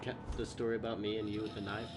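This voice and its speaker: A man's voice: on the low side, flat delivery, very fast. A man hosting a game stream, chiming in with teasing jokes. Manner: teasing, joking interjections. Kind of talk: casual chat on a game stream. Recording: loud background noise.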